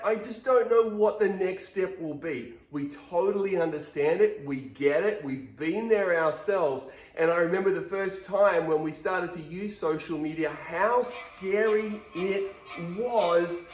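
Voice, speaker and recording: A man presenting a social media marketing training to a live event audience, in an upbeat, motivational way. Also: a little high. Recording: roomy echo.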